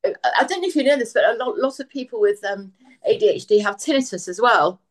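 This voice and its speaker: A woman's voice: a little high, lively intonation, fast talker. A woman guest on a podcast talking frankly, sounding worn out and rambling with restarts. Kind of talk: casual chat.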